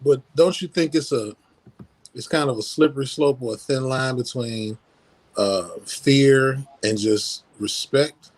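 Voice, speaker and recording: Man chiming in calmly on a podcast. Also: medium pitch, unhurried. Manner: calm, short reactive comments and questions. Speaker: recurring podcast co-host. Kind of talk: casual chat, brief interjections.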